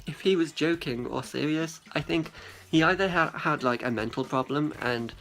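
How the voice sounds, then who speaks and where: A man's voice: fairly high pitch, fairly bright tone. A young man rambling casually to a friend, chatty and profane, often acting out what people said. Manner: chatty and profane, quick to act out quotes. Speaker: vlogger addressing a friend.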